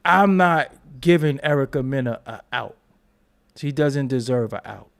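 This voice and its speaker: A man's voice: medium pitch, animated, unhurried, vocal fry, smooth. A young man who hosts a commentary vlog and rants bluntly, cursing and repeating himself. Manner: blunt, profane, repetitive. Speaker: commentary channel host. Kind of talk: ranting commentary.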